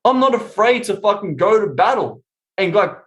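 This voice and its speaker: Profane high-voiced man, echoey room. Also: big pitch swings, moderate pace, fairly bright tone. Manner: profane, emphatic, swears constantly. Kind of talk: casual podcast chat. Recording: roomy echo.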